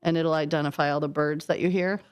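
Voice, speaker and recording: A woman hosting a casual radio chat in a studio, talkative and quick to laugh, firing off questions. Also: deep voice, steady tone, clear, resonant tone. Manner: chatty and giggly, quick questions. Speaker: radio host. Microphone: studio microphone.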